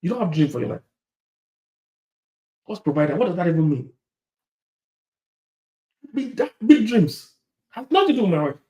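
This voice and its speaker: A man preaching a sermon, repeating his points, laughing, and swinging from loud to hushed. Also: high-pitched, very animated, normal speed, long pauses. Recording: echoey hall.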